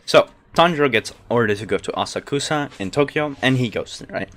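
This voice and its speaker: A man's voice: mid-range voice, lively intonation, brisk, a bit bright. A man casually retelling a story as host, rambling with lots of fillers and frequent laughs. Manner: rambling, many fillers like "like" and "you know"; laughs often between lines.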